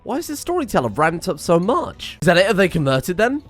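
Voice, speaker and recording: A man giving excitable, self-mocking commentary while playing a game, thinking aloud and swearing. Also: high voice, a little fast, faint music behind. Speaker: gaming streamer. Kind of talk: casual gameplay commentary.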